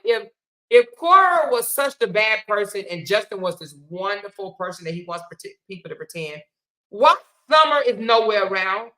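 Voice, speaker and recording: A woman's voice: on the high side, poor audio. A woman giving heated, rhetorical commentary, firing off questions and emphatic asides. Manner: animated, rhetorical, emphatic, colloquial. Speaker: commentary host. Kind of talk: opinionated commentary.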